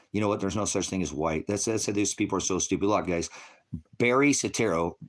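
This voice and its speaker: Male online preacher from Oregon, low-pitched, combative, profane livestream ranter. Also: a little fast. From Oregon, USA. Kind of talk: livestream rant to viewers.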